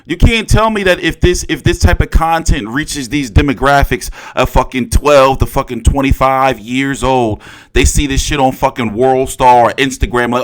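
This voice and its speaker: A young man reacting to a press conference in casual, profane commentary, often jumping into loud, excited outbursts. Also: medium pitch, normal speed. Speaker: boxing commentator.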